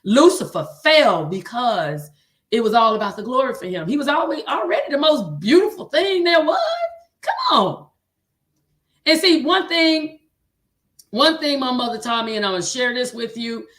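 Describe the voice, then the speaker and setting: Southern woman host, high-pitched, exhorting sermon-style talk. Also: very animated, moderate pace, fairly bright tone. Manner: exhorting, repeats "come on", reads viewer comments aloud. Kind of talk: livestream talk to choir directors, preaching tone.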